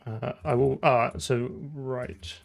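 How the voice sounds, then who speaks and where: A man's voice: medium pitch, steady tone, slow pace, gravelly. A man with a southern English accent chatting casually as he codes on a live stream, thinking aloud and laughing now and then. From southern England. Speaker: programming streamer. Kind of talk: casual live-coding chat.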